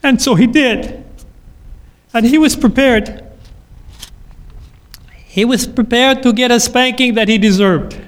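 A man preaching a sermon in a measured, liturgical cadence, ending in a blessing. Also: very high voice. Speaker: pastor.

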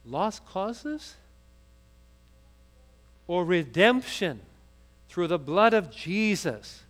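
A man with a high, animated voice delivers a sermon, rattling through a story quickly before building into fervent, emphatic preaching.

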